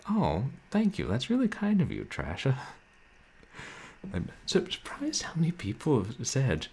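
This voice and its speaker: Man, game streamer, soft somnolent voice, wry and relaxed, chuckles often, lively pitch. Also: normal speed, creaky, breathy edge. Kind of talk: casual chat with stream viewers. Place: home room, roommates nearby.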